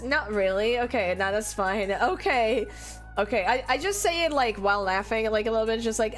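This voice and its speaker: A woman's voice: fairly high pitch, lively intonation, moderate pace, fairly bright tone, faint music behind. A young woman from France chatting casually on a livestream, giggly and laughing often. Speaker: streamer.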